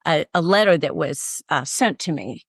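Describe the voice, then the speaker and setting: A woman co-hosting a podcast, chatting casually and quick to agree and affirm. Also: low-pitched, lively intonation, no room sound, clean studio sound. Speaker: podcast co-host. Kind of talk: casual chat.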